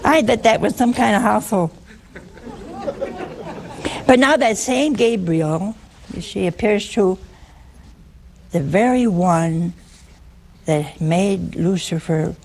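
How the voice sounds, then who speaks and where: A woman's voice: on the low side, slow, vocal fry, pauses often, a little mellow, a faint crowd, slight background noise. A woman preaching a humorous sermon in a wry, teasing way, often putting questions to her listeners.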